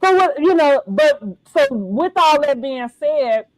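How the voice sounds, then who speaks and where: Brief: middle-aged woman host, high bright voice, slangy animated chat, dry close sound. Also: slow, no room sound, rough recording. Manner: animated, slangy, laughs often. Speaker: podcast host. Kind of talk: casual reality-TV recap chat.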